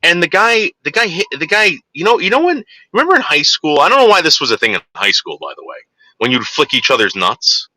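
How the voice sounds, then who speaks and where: Brief: crude, digressive man in his forties, very bright tone, dry close recording. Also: on the high side, big pitch swings, fairly quick, no room sound, rough recording. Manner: rambling, crude, digressive, frequent fillers. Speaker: storyteller. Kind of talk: rambling anecdote.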